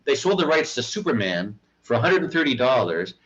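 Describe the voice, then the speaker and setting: A man's voice: medium pitch, big pitch swings, a little fast, a bit bright. A man co-hosting a podcast, chatting casually about comics in a blunt, opinionated way and often stopping to say um or restart a sentence. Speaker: podcast co-host. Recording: dull lo-fi audio.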